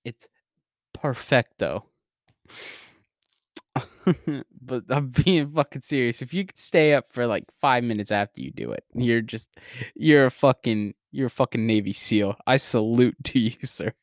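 Young male podcaster, unhurried and foul-mouthed, cracking up as he tells it, dry close sound. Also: mid-range voice, no room sound. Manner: profane, laughs constantly through his story. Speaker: podcast host. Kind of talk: casual comedic storytelling.

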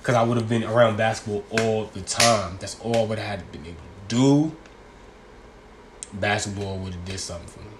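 A man's voice: on the low side, fairly quick, a little hiss or hum. A young man from New York talking casually to his viewers in a loose, rambling, slangy way. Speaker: vlogger. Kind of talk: casual chat.

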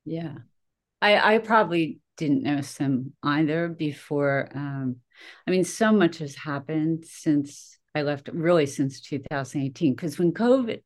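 A middle-aged woman with a notably low voice talks casually on a podcast. She tells stories about herself with lively energy and often laughs at her own expense. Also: unhurried. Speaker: podcast host.

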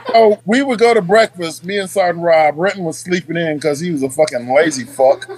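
A man's voice: fairly high pitch, brisk, very noisy. A middle-aged man and Army veteran, telling profane stories in casual chat and laughing as he goes. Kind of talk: casual storytelling.

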